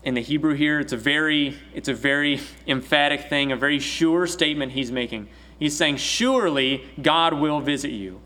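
A man from Arkansas preaching in a fairly high voice. He talks to his congregation conversationally, restarting his phrases. He leans hard on the scripture he reads aloud. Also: steady tone, a little fast, pushed and bright. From Arkansas, US South. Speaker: pastor. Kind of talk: sermon.

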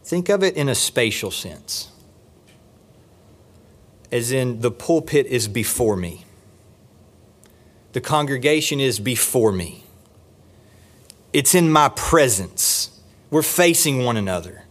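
A pastor preaches in a church sanctuary with a sing-song, emphatic delivery. He rises high at the important points and drops to a slow, low, deliberate register to press a phrase home.

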